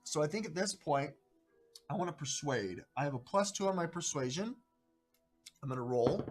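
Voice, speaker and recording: A man hosting a live stream of a solo tabletop adventure, chatting casually in a rambling, halting way. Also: a little high, animated, faint music behind. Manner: rambling, halting, greets viewers by name.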